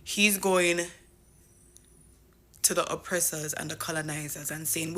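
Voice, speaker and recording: A woman from Jamaica giving casual, animated commentary that turns into emphatic declarations. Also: deep voice, measured pace, long pauses. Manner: animated, emphatic, mixes chat with passionate declarations.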